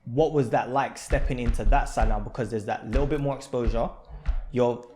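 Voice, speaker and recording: A man hosting a podcast, asking relaxed questions with hesitant pauses. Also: mid-range voice, slight background noise. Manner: relaxed, hesitant, uses fillers. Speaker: podcast host. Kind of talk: casual interview questions.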